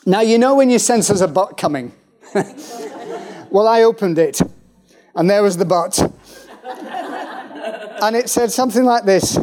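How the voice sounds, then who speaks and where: High-voiced joking pastor. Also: male voice, animated, darkish tone. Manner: jokey, laughing often, halting fillers. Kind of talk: humorous sermon. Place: church.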